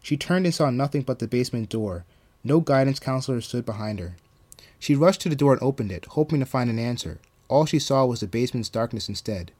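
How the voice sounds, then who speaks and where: A man narrating his own horror story in a calm, even storytelling manner. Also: medium pitch, brisk.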